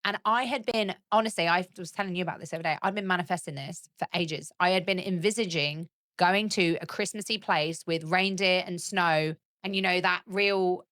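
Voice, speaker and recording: A woman's voice: lowish voice, fairly quick, fairly bright tone, no echo, studio quality. A woman in her thirties, co-hosting a casual podcast chat, telling stories with lots of laughter. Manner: chatty, laughing storyteller. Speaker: podcast co-host.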